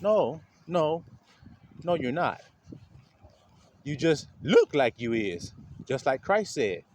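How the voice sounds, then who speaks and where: A spiritual speaker with a fairly high voice preaches slowly in a loose, blunt, streetwise manner, laughing frequently and staying animated throughout. A bit of background noise can be heard.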